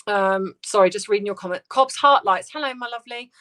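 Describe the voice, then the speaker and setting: A woman hosting a casual livestream, reading out viewer comments and answering in a soft, hesitant, sympathetic way with many restarts. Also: mid-range voice, brisk. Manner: sympathetic, tender replies to viewers.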